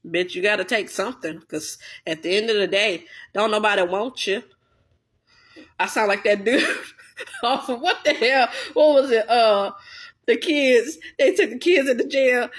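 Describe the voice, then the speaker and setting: A woman's voice: on the high side, measured pace. A woman vlogger in a blunt, profane, heated casual rant. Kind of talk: casual ranting monologue.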